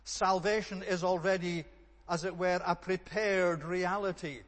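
Earnest male preacher, kinda high voice, repeats stuff for emphasis, long echo in a big church. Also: fairly even intonation, unhurried. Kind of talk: sermon. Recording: long reverb of a large hall.

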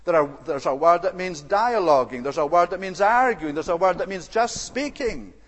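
A man with a high-pitched voice preaches a sermon. His delivery is earnest and deliberate, with occasional hesitant fillers. The sound carries a long reverb, like a church hall. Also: lively intonation, a bit bright.

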